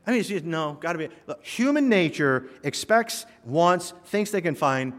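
A man's voice: fairly high pitch, lively intonation, normal speed, fairly bright tone. A man preaching a sermon, telling stories with humor and driving home emphatic points. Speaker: pastor. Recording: long reverb of a hall.

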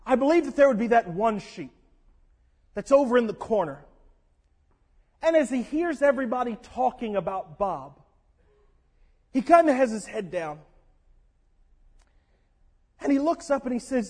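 A man preaching a sermon in an animated, conversational way, breaking out into shouts. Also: very high voice, a little slow, long pauses, husky. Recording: long echo of a large hall.

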